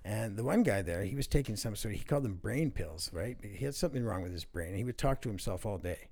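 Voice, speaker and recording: A man's voice: lowish voice, expressive, fast, creaky, darkish tone. A man telling rambling, profane work stories in casual conversation, often adding "right?". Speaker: guest. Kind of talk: casual storytelling.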